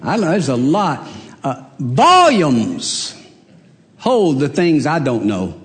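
An older man preaches in a church, his voice sitting a little high and swinging widely in pitch. He tells stories in a conversational, self-deprecating way. A long hall reverb trails his words. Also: wildly swooping pitch, slow pace. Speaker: pastor. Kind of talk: sermon. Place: church sanctuary.

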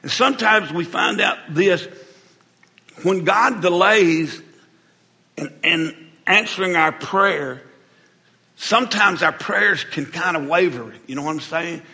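A man's voice: sits high, takes it slowly, creaky, long pauses, sharp tone. A middle-aged man, preaching a conversational, folksy sermon as pastor, often repeating words as he goes. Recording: hall reverb.

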